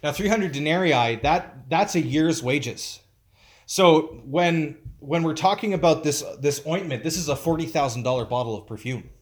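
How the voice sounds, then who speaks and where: His voice sits a little high as he preaches. The pastor keeps the sermon conversational and forceful, with frequent pauses while he gropes for phrasing.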